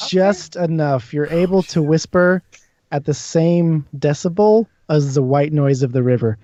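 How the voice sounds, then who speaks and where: Mellow-voiced man running a tabletop game. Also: on the high side, dry recording. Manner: deliberate, explains rules and scenes patiently. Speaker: game master. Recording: dull lo-fi stream audio.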